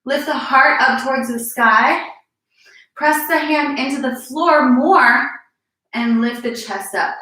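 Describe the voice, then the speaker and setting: A young woman fitness instructor leads a live-streamed yoga class, encouraging students and cueing each move while exercising, slightly out of breath. Her voice is high-pitched with a sharp tone, and she takes it slowly. The room is echoey and the mic distant.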